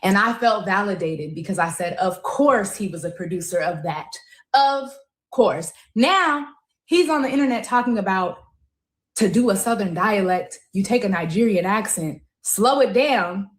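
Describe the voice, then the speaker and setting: An emphatic woman commentator makes her case with drawn-out, stressed words. Her voice sits at an ordinary pitch and rings a little in an echoey room. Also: animated. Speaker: co-host. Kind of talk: opinionated commentary.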